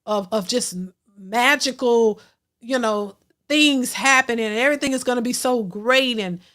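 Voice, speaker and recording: A woman's voice: moderate pace, a bit bright. A woman hosting a reaction stream, reading out super chats and commenting casually, with frequent fillers and repeated words. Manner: repeats words, many fillers, rises high when emphatic. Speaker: reaction channel host.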